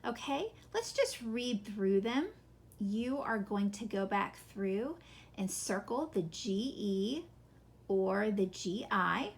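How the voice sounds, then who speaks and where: A woman's voice: medium pitch, expressive, slow pace. A woman teaching a phonics lesson to children, patiently sounding out example words and asking questions.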